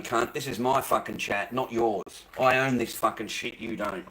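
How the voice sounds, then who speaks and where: A man's voice: medium pitch, fairly even intonation, moderate pace, noisy background. An Australian man livestreaming from home, ranting bluntly and profanely at his chat. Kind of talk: casual livestream rant.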